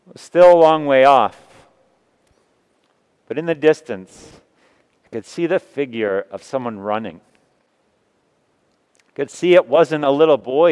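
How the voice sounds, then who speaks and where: A man preaching, retelling a story in the first person with earnest, emotional delivery and long pauses. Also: on the high side, clear, resonant tone. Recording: long reverb of a large hall.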